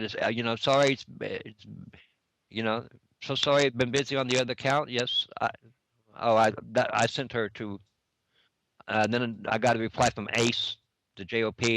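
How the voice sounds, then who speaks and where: A man's voice: medium pitch, fairly bright tone, dry recording, low-quality recording. A middle-aged man casually retelling an online chat argument, reading back messages and repeating "I said" over and over. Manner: repetitive, reads back messages with constant "I said". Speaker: online game player recounting a dispute.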